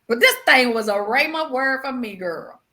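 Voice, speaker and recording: A woman with a fairly high, bright voice shares her personal testimony on an interview show. She is animated and exclamatory and addresses her listener as "girl". She sinks to hushed tones at solemn moments, and her pitch rises and falls widely. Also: normal speed. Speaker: guest sharing her testimony. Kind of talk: emotional personal storytelling.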